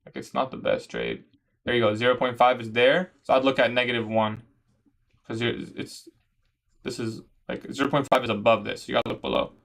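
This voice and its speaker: A man's voice: medium pitch, lively intonation, fairly quick, vocal fry, a bit bright. Laid-back young Canadian man streaming. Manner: laid-back, slangy, answers viewer questions. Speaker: livestream trading host. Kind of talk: casual livestream chat reading comments.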